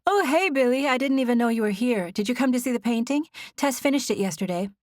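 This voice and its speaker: A woman voicing a chatty young sister who speaks in a bright, high, lively voice in a storybook reading. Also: quick pace, no echo, clean studio sound, close to an everyday voice. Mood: cheerful.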